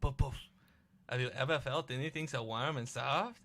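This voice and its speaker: A man voicing a flirty female spa attendant, slow, sultry and sing-song. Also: mid-range voice, fairly bright tone, lightly acted.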